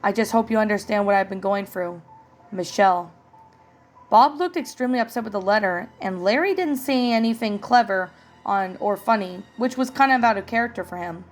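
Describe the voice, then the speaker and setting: A woman's voice: medium pitch, brisk. A woman narrating a horror story in a plain, earnest reading style. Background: faint music.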